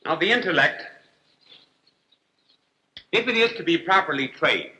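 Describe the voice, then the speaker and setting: A man speaks as a priest giving a lecture to a television audience. His voice is sharp and bright, and his delivery is wry and unhurried. He spaces his phrases out and drops his jokes with a straight face. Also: fairly high pitch, expressive, poor audio. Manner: wry, deliberate, with long pauses and dry jokes. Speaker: priest and TV host.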